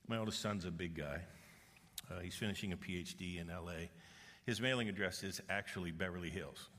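Speaking a little fast in a deep, slightly bright voice, a middle-aged pastor gives a sermon inside a church auditorium. His storytelling is earnest, with quoted voices for the people he portrays, and the large hall leaves a long reverb.

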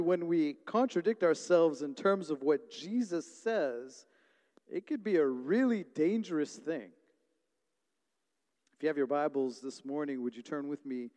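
A man in his thirties, a pastor preaching a sermon and telling stories with lively energy. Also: fairly high pitch. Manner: storytelling, animated when retelling family moments. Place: church hall. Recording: long reverb of a large hall.

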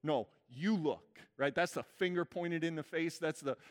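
Guy preaching a sermon, chatty, keeps asking the room if they follow, high voice, big echoey hall. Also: steady tone, normal speed. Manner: conversational, asks the congregation "right?" often. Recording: church hall reverb.

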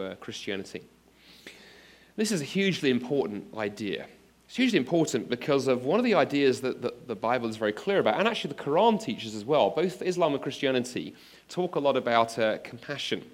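A man giving an earnest apologetics talk to an audience, addressing listeners directly with examples and rising to emphatic exclamations. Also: mid-range voice. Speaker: preacher. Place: speaking to an audience of students.

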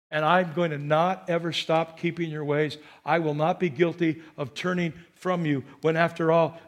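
A middle-aged man preaching a sermon as pastor, animated, shifting from quiet asides to loud emphatic lines. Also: fairly high pitch.

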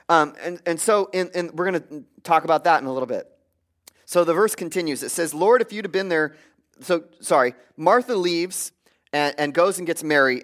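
A man's voice: fairly high pitch, a bit bright. A man preaching a sermon from a church stage, speaking earnestly and conversationally with frequent restarts. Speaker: pastor.

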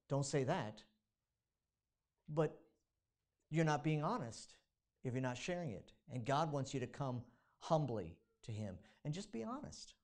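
A man's voice: on the high side, a little mellow. Male pastor, informal sermon delivery with frequent restarts, dramatizes prayers in a raised voice.

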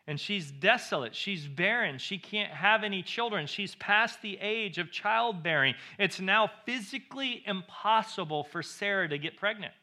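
A man preaching a sermon with a high, ringing voice. He is an emphatic pastor who drives points home by repeating his phrases. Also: bright, forceful tone.

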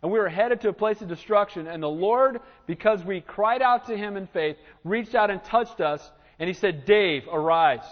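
Male pastor with a high voice, animated preaching, muffled lo-fi recording in a reverberant church. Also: moderate pace, few pauses. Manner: animated preaching, acts out Bible scenes. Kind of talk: sermon. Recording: reverberant church hall, dull lo-fi sound.

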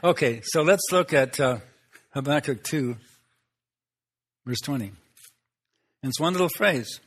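This man's sermon comes in a somewhat high voice at a slightly slow pace. A pastor from a Swedish Lutheran background, he keeps things folksy and chatty, with rhetorical questions and plenty of chuckles.

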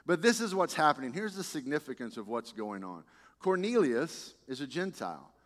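A man preaching a sermon as a pastor, talking in a conversational, animated way with frequent restarts. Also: on the high side, normal speed, big-room sound.

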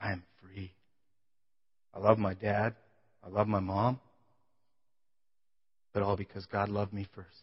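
A man preaches a personal testimony in a sanctuary, rising to loud, pleading peaks and falling back to a near hush. His voice rings out with a long reverb tail in a large hall, and the recording sounds muffled and dull. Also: little pitch movement, measured pace, long pauses, slightly rough. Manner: emotional testimony, voice swelling then dropping low. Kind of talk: sermon.

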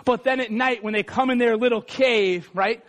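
Chatty high-voiced preacher man. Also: steady tone, moderate pace, fairly bright tone. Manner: chatty, self-deprecating, many asides. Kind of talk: sermon.

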